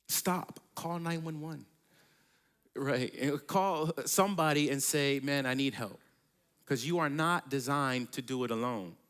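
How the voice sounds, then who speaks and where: A man's voice: fairly high pitch, fairly bright tone. A man preaching a sermon, reading scripture aloud and then explaining it in a casual, conversational way. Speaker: pastor.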